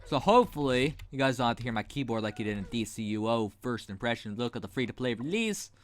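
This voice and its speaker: A gaming video host talks fast into his desk mic as he plays, his mid-range voice full of expression. His commentary is blunt, rambling, and sarcastic.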